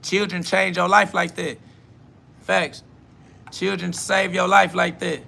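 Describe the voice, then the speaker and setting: A man's voice: high voice, level tone, slow, gravelly, sharp tone. A man hosting a live self-talk podcast, talking bluntly and profanely in a preachy way while answering chat comments aloud.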